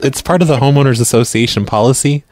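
A man hosting a live radio show and making prank phone calls, speaking deadpan and often stumbling over his words. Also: mid-range voice, fast, a little hiss or hum. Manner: deadpan, stammers and repeats words. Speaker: prank-call radio host.

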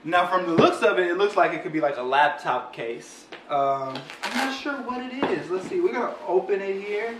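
With hardly a pause, a young man who is a father unboxes a product for his vlog, his high voice expressive and his pace moderate. He's hyped and playful, addressing viewers directly; the distant phone-camera mic catches roomy sound, faint ambience, and a noisy background.

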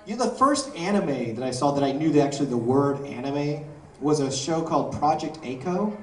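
Animated man telling stories in an echoey hall. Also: fairly high pitch, fairly quick. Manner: animated, jokey, slips into character voices. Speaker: voice actor guest at a convention panel. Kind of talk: convention panel Q&A storytelling. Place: large convention panel room. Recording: echoey hall from far off with crowd. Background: audience laughing and murmuring.

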